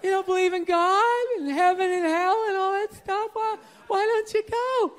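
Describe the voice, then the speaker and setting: A man's voice: extremely high pitch, steady tone, normal speed, a faint crowd, pitched above the performer's own voice. A man putting on the voice of his devout girlfriend, asking in a whiny, pleading tone.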